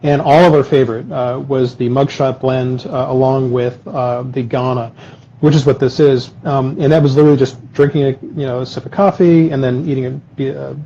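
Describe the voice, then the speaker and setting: Mellow-voiced man on a muffled livestream. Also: mid-range voice, fairly even intonation, moderate pace, slight background noise. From Los Angeles area. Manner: explains process in detail, with many fillers. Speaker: guest chocolate maker. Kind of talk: casual live-stream conversation. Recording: dull lo-fi live-stream audio.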